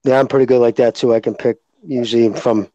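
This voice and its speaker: A man's voice: mid-range voice, steady tone, fast talker, warm tone, dry recording, dull audio. A man from Boston with a Boston accent, chatting eagerly on a podcast, calling others brother and dude. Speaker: podcast co-host. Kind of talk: casual podcast chat.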